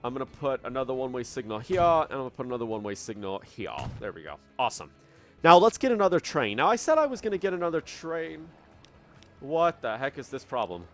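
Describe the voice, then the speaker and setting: Lively man musing over a game. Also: medium pitch, fast talker, soft background music. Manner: thinking aloud, puzzled, self-correcting. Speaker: gameplay commentator. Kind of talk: casual gameplay commentary. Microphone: studio dynamic microphone.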